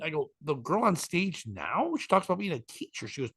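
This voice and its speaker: A man's voice: a little high, lively intonation, brisk, pushed and bright, dry recording, clean studio sound. A man, a stand-up comic hosting a podcast, rambling through a story with profanity and acted-out quotes. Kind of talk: casual storytelling chat.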